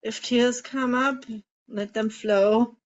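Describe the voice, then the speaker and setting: Slow, soothing woman coaching a tapping group. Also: on the high side, fairly even intonation. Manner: slow, soothing guidance with emotive example lines. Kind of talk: guided group coaching session. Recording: slightly dull lo-fi call audio.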